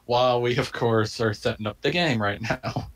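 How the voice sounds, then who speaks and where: A man's voice: mid-range voice, moderate pace, a bit bright. A man hosting a casual let's play stream, joking around in a hammy, announcer-style delivery. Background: game music.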